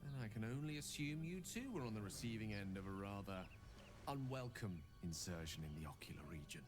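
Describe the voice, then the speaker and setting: A man's voice: fairly low pitch, expressive, brisk, lightly acted. An actor playing a courteous, wordy male wizard, talking in a formal and elaborately polite way in a video game. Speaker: game companion character. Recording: game audio over background music.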